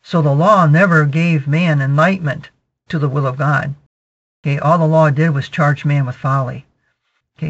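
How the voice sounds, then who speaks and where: Male preacher, slightly high voice, steady teaching cadence, repeats "okay" a lot; muffled lo-fi recording. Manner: measured teaching, peppered with "okay" and repetitions. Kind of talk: sermon, verse-by-verse Bible exposition. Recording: dull lo-fi recording.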